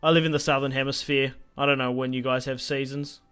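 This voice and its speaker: A man's voice: mid-range voice, flat delivery, fast, a bit bright, a little hiss or hum. Joking, swearing gamer guy. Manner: joking, profane, rambling. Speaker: gaming video host. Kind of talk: casual gameplay commentary.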